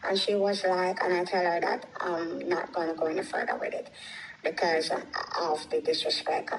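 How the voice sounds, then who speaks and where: A woman telling an emotional personal story, her voice climbing high when she gets upset. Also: steady tone, moderate pace, noisy background. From United States.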